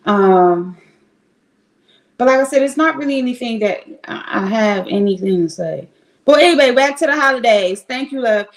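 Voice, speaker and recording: Livestreaming from her Cleveland home on a home streaming rig, a woman talks openly and loosely with her viewers, drifting off topic and cursing now and then. She sounds a little high and expressive at a normal speed, though the recording is low quality.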